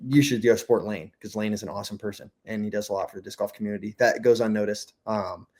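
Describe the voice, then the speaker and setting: A young man chatting casually as a podcast guest, telling stories fast and slipping into mimicked quotes. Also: on the low side, steady tone, mellow. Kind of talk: casual chat.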